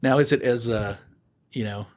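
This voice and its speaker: A man, a podcast guest, telling animated stories in casual chat and acting out the people in them. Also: medium pitch, normal speed. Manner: animated storyteller, acts out voices. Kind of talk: casual storytelling.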